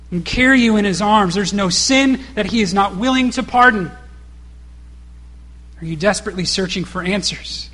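Bright, high-voiced male preacher. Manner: preaching with rhetorical questions and casual asides. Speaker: pastor. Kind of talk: sermon.

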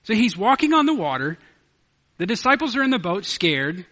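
A man preaching a sermon as pastor, swinging from loud declarations to hushed asides. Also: high-pitched, sing-song, moderate pace.

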